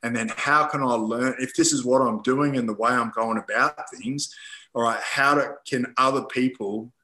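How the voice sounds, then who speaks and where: A man talking as a podcast guest, his voice bright and forceful at an ordinary pitch. He tells personal stories loosely, stringing thoughts together with "you know" and plenty of swearing. He often acts out what he was thinking in the moment. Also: fairly even intonation, normal speed, reverberant, poor audio. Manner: rambling, swears freely, many fillers like "you know". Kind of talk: casual storytelling in conversation.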